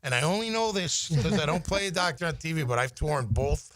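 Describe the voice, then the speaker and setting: A man with a high, bright voice spins a lively, self-mocking tale on a sports radio show. His pitch swings widely as he tells it. The studio sound is dry and close. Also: fairly quick, no echo. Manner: lively, self-mocking storyteller who acts out quotes. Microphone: studio microphone.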